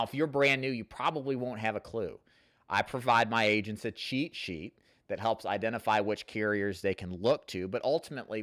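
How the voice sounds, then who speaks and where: Low-voiced man coaching live chat. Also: a bit bright, dry recording, clean studio sound. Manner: rambling, coaching, reads viewer comments aloud. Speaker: host answering live chat questions. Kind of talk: casual live Q&A.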